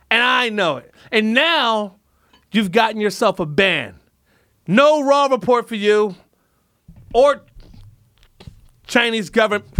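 Give me a very high, tense male comedy host, ranting and swearing in a rambling way. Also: sharp tone, smooth, dry recording, studio quality. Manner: profane, mock-addresses world leaders. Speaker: podcast host.

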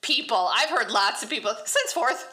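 A woman co-hosting a podcast, chatting casually in an animated way and laughing often. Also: fairly high pitch, moderate pace. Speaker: podcast co-host. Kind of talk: casual chat.

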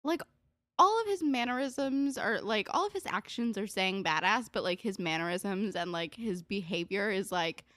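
A woman's voice: mid-range voice, expressive, moderate pace, a bit bright, no room sound, studio quality. Chatty sarcastic woman recapping a show. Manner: chatty, sarcastic, swears, lots of "like". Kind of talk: casual recap chat.

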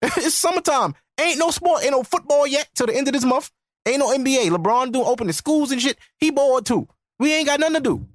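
Blunt, animated podcast rant from a man. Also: extremely high pitch, a little fast, no room sound, clean studio sound. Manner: blunt, profane, lecturing. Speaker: podcast host.

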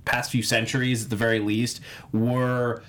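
A man's voice: mid-range voice, level tone, moderate pace, a bit bright. A man hosting a casual fan podcast, chatty and full of "like" fillers. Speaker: podcast host.

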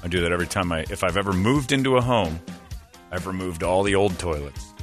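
A man's voice: low voice, quick pace, soft background music. A man from San Diego hosting a comedy talk show, telling crude rambling stories. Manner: crude, rambling storytelling with laughs. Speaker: host. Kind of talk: casual comedic banter.

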